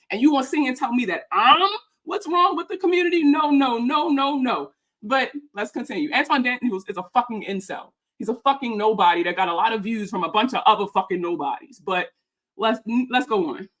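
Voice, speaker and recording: A woman's voice: on the high side, fairly bright tone. A woman who makes personal finance videos, ranting in a heated, profane, sarcastic way as she reacts to a video about her. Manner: profane, heated, fast-talking; sarcastic and mocking. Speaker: personal finance content creator.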